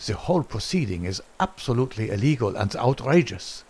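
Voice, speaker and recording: A man voicing a strong, bitter captured foreign spy who speaks slowly and grimly. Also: mid-range voice, sing-song, darkish tone, breathy edge. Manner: slow, grim and resentful.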